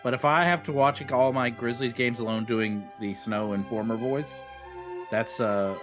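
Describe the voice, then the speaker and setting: A man's voice: mid-range voice, fairly even intonation, moderate pace, over music. Easygoing male podcast co-host. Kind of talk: casual chat.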